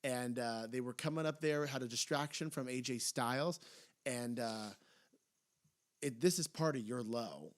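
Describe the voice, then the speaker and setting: Young male podcast co-host, mid pitch, casual and excitable, jumps high in his storytelling. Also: unhurried. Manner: excitable, jumps high when retelling funny moments. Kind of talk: casual chat.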